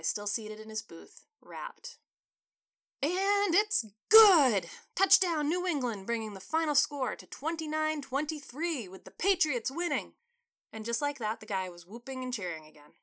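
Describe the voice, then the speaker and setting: A woman author narrating her own story in an even, scripted way. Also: mid-range voice.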